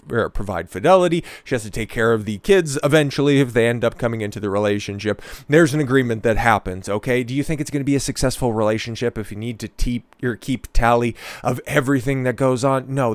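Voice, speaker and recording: A man's voice: mid-range voice, no echo. Profane ranting man, dry close mic. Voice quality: profane, exasperated. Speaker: reaction commentator. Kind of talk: ranting reaction commentary.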